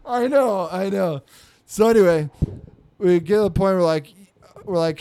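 A man's voice: high voice, unhurried, long pauses, mellow, clear, resonant tone. A man telling a story in casual chat, rambling with lots of fillers. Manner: rambling, filler-heavy, acts out quotes in a raised voice.

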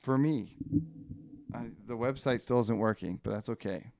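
A man's voice: mid-range voice, moderate pace, vocal fry, darkish tone, no room sound. A man co-hosting a casual comedy podcast, joking and laughing his way through pun-filled comic strips. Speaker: podcast co-host.

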